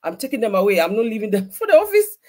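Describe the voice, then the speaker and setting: A woman who works as a social worker speaks on a group video call, reflective and searching for her words. Her voice is notably high. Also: very animated, rapid-fire, a little mellow. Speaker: social worker and business mentee. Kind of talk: casual group chat.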